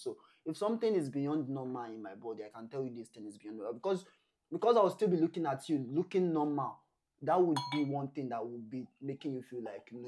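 Animated man telling a story. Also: medium pitch, a little hiss or hum. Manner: animated, acts out quotes, Nigerian Pidgin touches. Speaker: vlog co-host. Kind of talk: casual storytelling chat.

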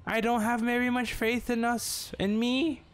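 A man putting on the voice of a nervous teenage boy sidekick from a cartoon, high and strained. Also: flat delivery, measured pace, a bit bright, clean tone. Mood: anxious.

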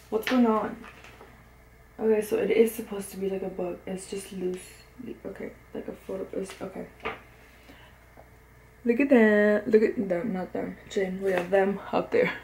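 A woman's voice: mid-range voice, unhurried, long pauses. Young woman, stuffy cold voice, gushing unboxing chat, squeals and gasps, echoey room, faint hiss. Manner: excitable, gushing, often confused, with sudden squeals and gasps. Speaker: vlogger unboxing an album. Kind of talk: casual unboxing chat to camera.

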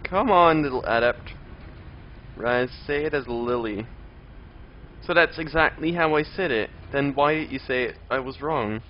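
During live gameplay commentary, a young man chats with viewers, answers chat he reads aloud, and lets out exasperated outbursts at enemies. His pitch is medium and his pace a little slow. The dull lo-fi stream carries faint game music and a little hiss or hum.

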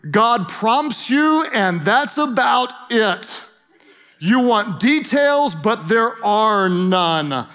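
A man's voice: sits high, expressive, extremely slow, a bit bright. A middle-aged man preaching a sermon as pastor, playful and emphatic, joking with the congregation in a church. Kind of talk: humorous energetic sermon. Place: church auditorium.

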